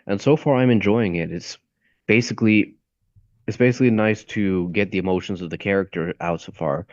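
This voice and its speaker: Low-voiced young man on a dull mic. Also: a little fast, no echo. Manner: rambling, searching for words. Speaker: aspiring voice actor. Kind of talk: casual stream chat.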